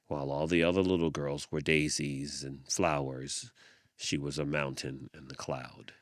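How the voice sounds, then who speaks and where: A man hosting a podcast, reading a picture book aloud with expressive storytelling and thoughtful hums. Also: extremely low pitch, measured pace, dry recording, studio quality. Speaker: podcast host.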